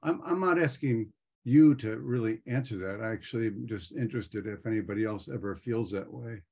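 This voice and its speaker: A man's voice: on the low side, brisk, vocal fry, a little mellow, breathy edge. A man in his sixties in the audience, speaking hesitantly and searching for words. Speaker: audience member.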